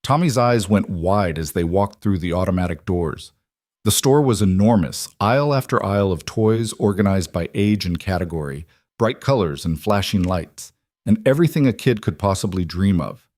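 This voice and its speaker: A man narrating a scripted story in a steady storytelling manner. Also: deep voice, moderate pace, no echo, clean studio sound.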